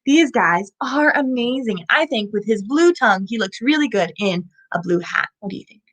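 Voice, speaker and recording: A woman hosting a live children's animal show, animated and asking young viewers questions as she presents a lizard. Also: medium pitch, normal speed.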